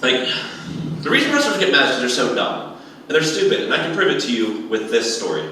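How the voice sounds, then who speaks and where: A young man doing a stand-up comedy set, telling animated stories and acting out other people's voices. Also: mid-range voice, fairly quick, distant mic, slight background noise. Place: comedy club stage. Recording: echoey room heard from afar.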